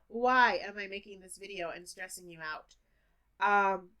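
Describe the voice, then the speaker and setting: A woman's voice: medium pitch, fairly bright tone. A woman English teacher giving a close-up pronunciation lesson to camera, playfully repeating words to model their sounds.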